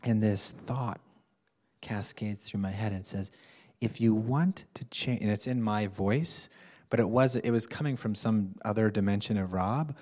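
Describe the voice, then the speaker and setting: A man telling a personal story to a workshop group, halting with fillers and restarts, with amused laughs. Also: fairly low pitch, darkish tone. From United States. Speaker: workshop participant.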